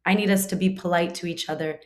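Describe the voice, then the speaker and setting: Soft-spoken woman teaching a spiritual class. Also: fairly low pitch, steady tone, fast talker. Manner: conversational, many fillers and restarts; acts out short quoted lines in her talk.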